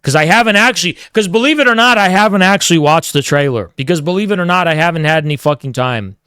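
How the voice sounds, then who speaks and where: A man's voice: high-pitched, animated, fast talker, sharp tone, clean tone, no room sound, clean studio sound. A man hosting a livestream, ranting casually with heavy swearing and mock-grandiose taunts. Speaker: livestream host. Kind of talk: casual streaming rant.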